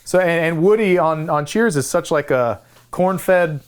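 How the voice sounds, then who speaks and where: A man co-hosting a movie review podcast in casual chat, talking with animated enthusiasm and laughing often. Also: fairly high pitch, unhurried, clear, resonant tone. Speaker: podcast co-host.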